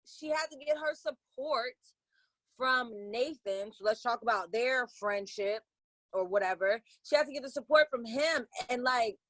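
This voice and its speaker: A woman co-hosting a podcast, chatting casually with slangy, animated storytelling. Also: a little high, a little slow, dry recording. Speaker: podcast co-host. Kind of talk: casual chat.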